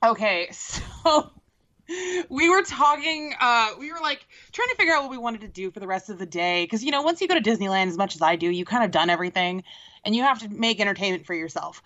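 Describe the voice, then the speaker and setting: A woman co-hosting a podcast, casually telling an animated story, swearing and laughing as she goes. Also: medium pitch, brisk, muffled recording. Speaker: podcast co-host. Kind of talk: casual chat.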